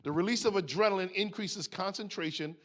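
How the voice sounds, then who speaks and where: A middle-aged man from the United States giving a talk on stress in a sermon, telling a personal story in an animated way with asides. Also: sits high, fairly quick. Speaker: speaker.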